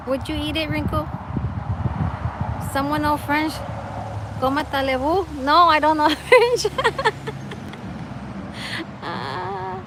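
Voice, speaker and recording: A woman's voice: high-pitched, noisy background. A woman chatting casually outdoors with her live-stream viewers, laughing often and reading out their comments. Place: outdoors, wind and trees nearby.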